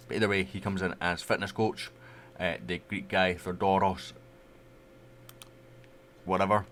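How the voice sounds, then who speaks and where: A man with a deep voice talks loosely through a football management game, chatty and unhurried, with plenty of asides. A faint hum sits under his desk-mic recording. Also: fairly bright tone. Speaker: gaming YouTuber. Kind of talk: casual game commentary.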